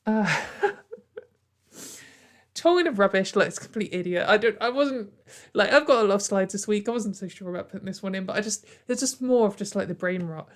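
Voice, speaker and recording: A woman's voice: mid-range voice, animated, brisk. A woman giving sarcastic, exasperated commentary and laughing often. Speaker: online commentator. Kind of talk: ranting commentary video.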